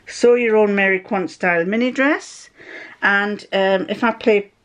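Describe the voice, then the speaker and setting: A woman's voice: medium pitch, measured pace. An older woman with a Northern English accent chats through a casual sewing vlog. She digresses freely, restarts her sentences, and acts out little remembered exchanges along the way. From north of England. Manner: rambling, digressive, with frequent restarts and acted-out quotes. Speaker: sewing vlogger.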